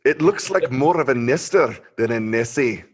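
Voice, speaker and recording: A man's voice: medium pitch, lively intonation, normal speed, husky, pitched above the performer's own voice. A man putting on a playful Scottish accent to read a cartoon caption aloud as a blustery Scottish man. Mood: amused. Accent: put-on Scottish. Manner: hammy, loud reading.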